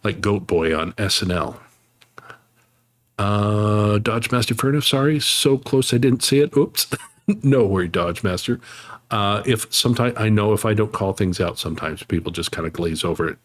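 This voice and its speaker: A man's voice: low voice, a bit bright, no echo. A man chatting casually on a live game stream, thanking viewers and laughing easily.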